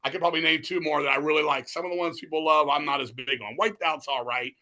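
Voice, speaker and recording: Brash, profane, animated middle-aged man. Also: fairly high pitch, fast talker. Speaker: guest musician. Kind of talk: casual storytelling interview.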